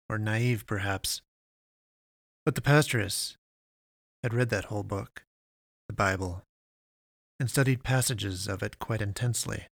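A man narrating a science fiction story in a measured, deliberate way with long pauses. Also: fairly low pitch, no echo, studio quality.

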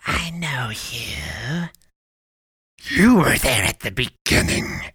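A woman voicing a sinister, taunting clown with a husky, gravelly voice. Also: extremely low pitch, sing-song, slow pace, a bit bright, no echo, studio quality, heavily acted. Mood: menacing. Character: menacing cross-eyed clown lurking in a chapel.

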